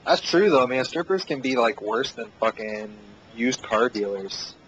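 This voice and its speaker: A mid-pitched man tosses in crude, laughing remarks during a loose podcast chat. The sound is muffled and lo-fi, with faint hiss. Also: animated, unhurried, fairly bright tone. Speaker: podcast co-host. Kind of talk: casual chat. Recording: dull lo-fi podcast audio.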